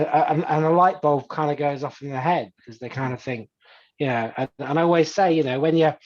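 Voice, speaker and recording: In a muffled recording, a man with a medium-pitched, somewhat mellow voice answers interview questions as a hypnotist guest. He's chatty, full of "you know" and restarts, and acts out the voices of people he quotes.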